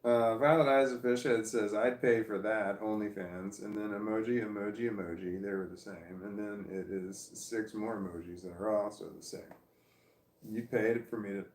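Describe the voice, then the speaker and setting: A man's voice: fairly low pitch, fairly even intonation, moderate pace, a little mellow, reverberant. A middle-aged man in casual livestream chat, reading out viewer comments, rambling and self-mocking with frequent laughter. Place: room at home, seated in armchair. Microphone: phone.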